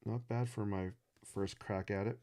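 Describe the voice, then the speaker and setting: A man's voice: on the low side, fairly even intonation, measured pace, warm tone, no echo. A man hosting a live sketching stream, chatting casually and rambling with joking asides as he draws. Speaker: livestream host teaching sketching. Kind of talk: casual live-stream chat while drawing.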